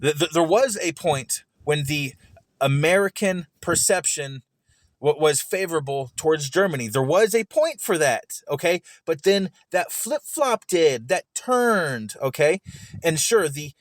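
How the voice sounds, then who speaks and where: This man's voice sits on the high side and sounds animated yet unhurried as he rants with profanity about a recorded debate he's streaming, stammering and repeating himself. The recording is dry and clean, like a studio.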